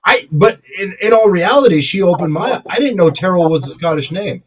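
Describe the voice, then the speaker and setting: Young male co-host, casual and foul-mouthed, a bit high, tinny phone-like audio. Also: fairly quick, slightly rough. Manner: profane, animated storyteller who jumps high in pitch when quoting himself. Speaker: podcast co-host. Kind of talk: casual chat.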